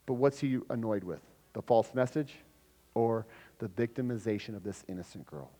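A man preaching a sermon to his church, swinging between loud emphatic lines and low quiet ones. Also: lively intonation, normal speed, breathy edge. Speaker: pastor. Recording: long hall reverb.

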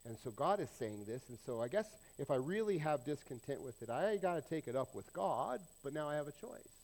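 A male pastor preaching a sermon, emphatic and swinging between loud declarations and hushed asides. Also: fairly high pitch, sing-song, brisk, rough recording.

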